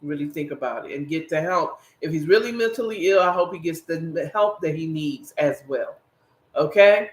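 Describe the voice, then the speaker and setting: A man hosting a solo podcast talks casually and directly to his viewers, rambling and emphatic throughout. His voice sits on the high side and is expressive, moving at a normal speed, while the room adds echo.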